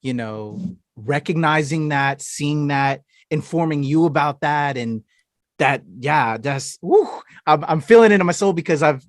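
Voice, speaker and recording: A man's voice: a little high, lively intonation, measured pace, no echo, clean studio sound. A man hosting a podcast interview, enthusiastic and affirming toward his guest. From United States. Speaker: podcast host.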